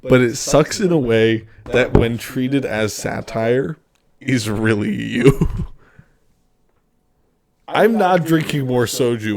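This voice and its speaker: A man's voice: mid-range voice, expressive, slow pace, creaky, a crowd in the background. A young man co-hosting a casual podcast, tipsy and joking, swearing and laughing often as he reviews albums. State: tipsy from drinking soju. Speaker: podcast co-host.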